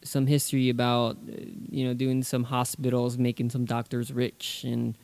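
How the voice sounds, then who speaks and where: A man co-hosting a podcast, speaking in a relaxed, steady way with some hesitant fillers. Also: medium pitch, normal speed, vocal fry. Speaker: podcast co-host. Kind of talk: casual chat.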